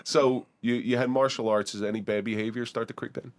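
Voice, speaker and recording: A man's voice: mid-range voice, fairly even intonation, brisk, no echo. A man from the Atlantic City area hosting a podcast, asking direct, probing questions and adding personal asides. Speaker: podcast host. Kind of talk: interview questions, casual talk.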